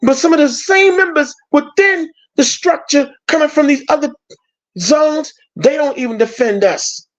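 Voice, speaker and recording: A man's voice: very high voice, moderate pace. Passionate, aggrieved man on a stream. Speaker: panel speaker. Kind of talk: heated online discussion. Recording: dull lo-fi stream audio.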